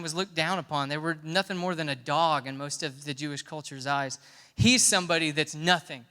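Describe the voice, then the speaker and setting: A man preaching a youth sermon, telling a story with emphatic rises that swell almost to shouts. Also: high-pitched, smooth. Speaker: youth pastor. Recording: long hall reverb.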